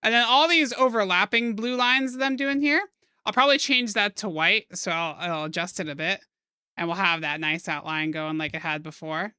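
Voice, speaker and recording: Recorded at studio quality with no room sound, this young woman's mid-range voice is bright, smooth and forceful at a normal speed. She's a streamer drawing live, chatting casually and playfully. Goofy wordplay and silly put-on phrases fill her talk.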